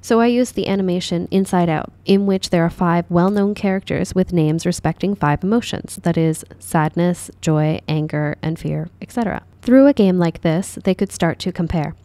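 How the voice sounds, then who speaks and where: Mellow, low-voiced woman teacher. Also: moderate pace, few pauses, no room sound. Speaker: drama teacher. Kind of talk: dubbed classroom explanation.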